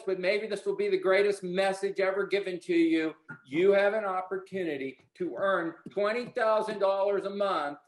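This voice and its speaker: Brief: male sales trainer, high-pitched, blunt and preachy, roomy echo. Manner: preachy, blunt, swears casually. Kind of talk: motivational sales coaching.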